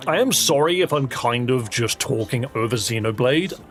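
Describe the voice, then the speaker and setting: A man's voice: medium pitch, animated, moderate pace, a bit bright, soft background music. A British man chatting casually and wryly as a live streamer, reacting to a video and laughing often.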